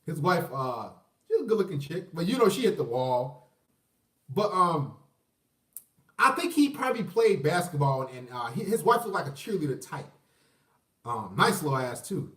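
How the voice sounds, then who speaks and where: A man rants casually, full of swearing and loose asides, with a lively, swinging pitch and frequent laughs. He sits back from the mic, so the room rings around him. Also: normal speed, pauses often, recorded from a distance. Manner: profane, rambling, laughs often. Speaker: vlogger. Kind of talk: casual rant monologue. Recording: roomy, from the mic.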